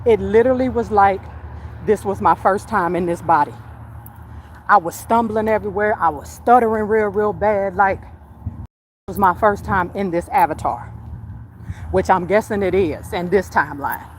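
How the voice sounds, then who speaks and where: A woman hosting a livestream, telling a story in an animated, slangy way while walking outdoors and talking into her phone. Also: medium pitch, normal speed, slight background noise. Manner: chatty, animated retelling with slang and swearing. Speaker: psychic medium and livestream host. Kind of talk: casual live storytelling.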